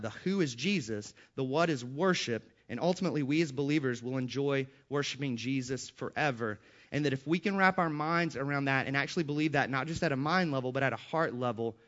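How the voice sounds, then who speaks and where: A male pastor delivers a sermon at a middle pitch, swelling louder as he drives home repeated verses. The recording is slightly dull and lo-fi. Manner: emphatic, rising in volume on repeated scripture quotes.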